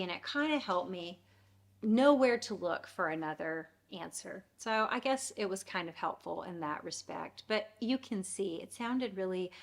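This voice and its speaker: Gravelly low-voiced woman hosting a knitting show. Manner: relaxed, rambling, with frequent fillers. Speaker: knitting podcast host. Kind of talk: casual chat.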